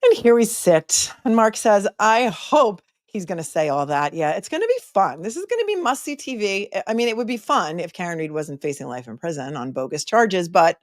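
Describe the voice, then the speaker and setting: A middle-aged woman with a mid-range voice hosts a casual live stream, very animated and a little fast with few pauses. The recording is dry and clean, studio-like. She reads viewer comments aloud with snarky asides, chatty and full of hesitant fillers.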